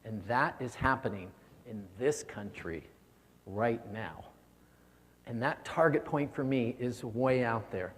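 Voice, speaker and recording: A man's voice: medium pitch, slow. Earnest man giving a keynote in a hall. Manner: earnest, repeats words when stirred. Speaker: keynote speaker. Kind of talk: motivational keynote speech. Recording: long hall reverb.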